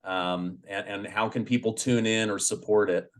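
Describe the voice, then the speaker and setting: A man hosting an interview, asking questions calmly and a bit hesitantly. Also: on the low side, normal speed. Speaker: interview host.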